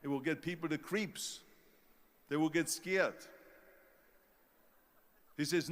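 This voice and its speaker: A man's voice: on the high side, slow pace, pauses often, a bit bright. An older man with an Austrian German accent giving a motivational speech and acting out the people who doubted him. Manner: storytelling, acts out quoted doubters. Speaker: motivational speaker. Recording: long hall reverb.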